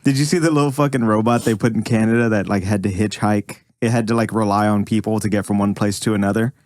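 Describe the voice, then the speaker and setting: A man's voice: lowish voice, fairly even intonation, fast talker, a little mellow, no echo, clean studio sound. A man from Texas co-hosting a comedy podcast, telling profane anecdotes with laughter. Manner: laughing anecdotal storytelling, swearing. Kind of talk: casual comedic banter.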